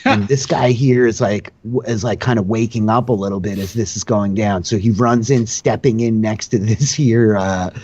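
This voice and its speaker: Low-voiced man running a tabletop game. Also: steady tone, normal speed, few pauses, darkish tone, dull audio. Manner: loose, filler-heavy narration with frequent "like". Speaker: dungeon master and host.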